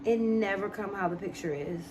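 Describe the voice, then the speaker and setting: A woman's voice: medium pitch, moderate pace, dull audio, noisy background. Chatty young woman with a DMV accent. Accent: DMV (Washington, D.C. area) American. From American. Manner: chatty, reads and answers chat comments. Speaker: livestreamer. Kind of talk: casual live-stream chat.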